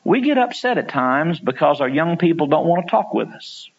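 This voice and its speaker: A man preaching a sermon, telling stories and acting out quotes, climbing to loud pleading peaks. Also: a little high, very animated, moderate pace, creaky, breathy edge, dull audio.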